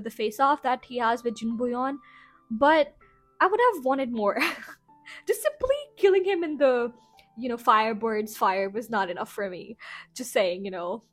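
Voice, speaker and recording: A woman hosting a casual rambling review show, chatty and full of filler phrases. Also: fairly high pitch. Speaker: podcast host.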